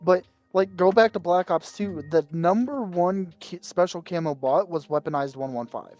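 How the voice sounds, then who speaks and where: A man's voice: high voice, moderate pace, darkish tone, muffled recording, faint music behind. A man co-hosting a gaming podcast in casual chat, rambling, losing his thought and swearing mildly. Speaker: podcast co-host.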